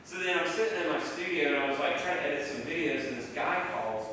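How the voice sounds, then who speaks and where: A man's voice: fairly high pitch, animated, quick pace, pushed and bright, a little hiss or hum. A man telling a story at a live Q&A, rambling with lots of "like" and acting out quotes. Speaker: paranormal investigator telling a story. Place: large echoey event hall. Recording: echoey hall, voice from far off.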